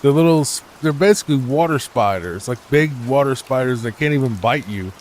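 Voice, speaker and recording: Soft-spoken rambling man, rain behind. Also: medium pitch, expressive, fairly quick, a little hiss or hum. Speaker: gaming channel host. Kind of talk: sleepy gameplay commentary.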